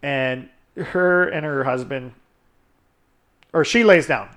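A man's voice: fairly high pitch, takes it slowly, a bit bright. A man hosting a podcast, telling a crude story in casual chat, laughing often and swearing freely. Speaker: podcast host.

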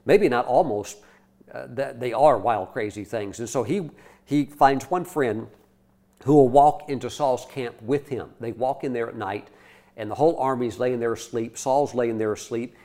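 A male preacher tells a story in a lively, conversational way and keeps restarting his sentences. His voice sits at an ordinary pitch for a man. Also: normal speed. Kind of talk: sermon.

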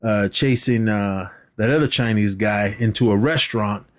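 Man, podcast co-host, laid-back movie recap, swears a lot, animated storytelling. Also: fairly low pitch, normal speed. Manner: animated retelling with acted-out quotes, swears freely, laughs often. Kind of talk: casual movie recap chat.

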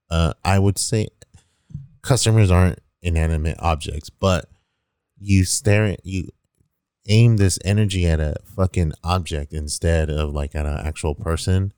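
A young man with a very deep, warm voice, smooth and resonant. He rambles through a casual story with lots of "like" fillers, recorded close and dry. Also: no room sound. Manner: rambling, heavy use of 'like', swears casually.

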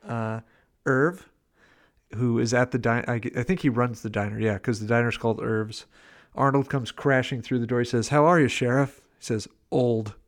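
A man's voice: mid-range voice, moderate pace. A man co-hosting a podcast, chatting casually about a film and quoting its lines in playful impressions. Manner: laid-back, quotes lines with playful impressions. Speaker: podcast co-host. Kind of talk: casual movie review chat.

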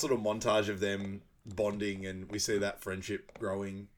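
A young man with a fairly low voice chats through a film recap for a podcast. He laughs often and bursts into loud quoted lines. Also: flat delivery, normal speed, hardly any pauses. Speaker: podcast co-host. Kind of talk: casual movie recap chat.

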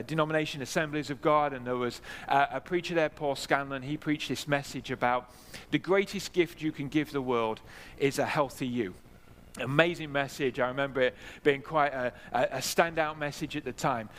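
A man's voice: fairly high pitch, a bit bright. A man preaching a sermon in a church, earnest, repeating key phrases for emphasis. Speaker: pastor. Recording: long hall reverb.

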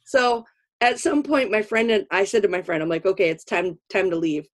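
A woman's voice: mid-range voice, moderate pace. A middle-aged woman hosting a podcast, telling stories in casual chat and laughing often. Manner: animated storyteller, laughs often. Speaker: podcast host.

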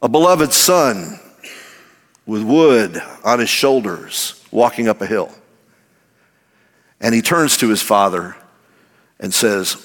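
A man preaching a sermon as pastor, slow and emphatic, his voice dropping low and rising high for effect. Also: expressive, fairly bright tone, slightly rough, long reverb tail. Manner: slow, emphatic preaching with dramatic drops and climbs in pitch.

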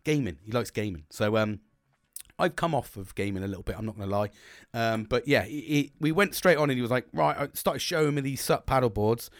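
A man rambling through a casual podcast monologue, swearing freely and restarting his sentences. His pitch sits in an ordinary middle range. The sound is close and dry, with no room around it. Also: fairly quick, no echo. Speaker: podcast host.

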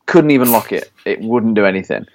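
A man's voice: on the low side, expressive, brisk, a little mellow. A young man co-hosting a podcast, rambling and swearing as he vents in casual chat. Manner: swears freely, rambling venting. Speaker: podcast co-host.

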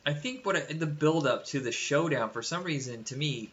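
A man chats about movies in an easy, talkative way, with a few fillers along the way. His voice is mid-pitched and bright, with a forceful edge. The sound is dull and lo-fi. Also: lively intonation, moderate pace. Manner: chatty, laughs easily, some fillers. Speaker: podcast co-host discussing films. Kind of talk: casual chat.

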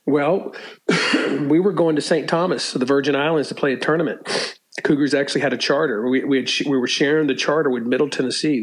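An older man tells stories in a casual interview, restarting often, clearing his throat and laughing at his own tales. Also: on the high side, rough recording. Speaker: former college sports media relations staffer, guest.

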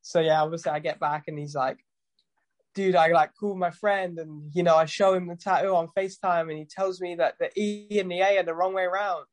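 Tattoo artist, guest in a casual chat, fairly high voice, rambling anecdotes with swearing. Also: male voice, fairly even intonation, a little fast. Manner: loose storytelling, swears, acts out dialogue.

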